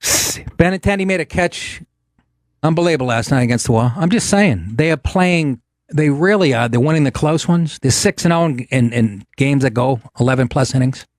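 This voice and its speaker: A man hosting a talk show with a voice that sits a bit high for a man. He tells casual, profane stories in a sarcastic tone. The sound is dry and close, with no room in it. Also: expressive, moderate pace, dry recording. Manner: takes on voices for quotes. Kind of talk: casual comedic monologue.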